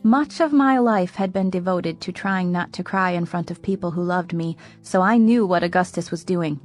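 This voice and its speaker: A woman narrating an audiobook in first person, measured and soft-spoken. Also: lowish voice, soft background music.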